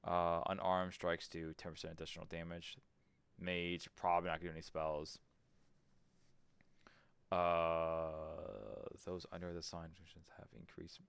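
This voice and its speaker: A low-voiced man in a loose let's-play commentary, reading game menus out loud and muttering his choices. His voice is bright and forceful up front, smooth and clean, recorded dry and close with no room sound. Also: completely flat delivery, a little slow, long pauses, no room sound. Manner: thinks aloud, reads game menus aloud, swears casually. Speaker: streamer playing a game.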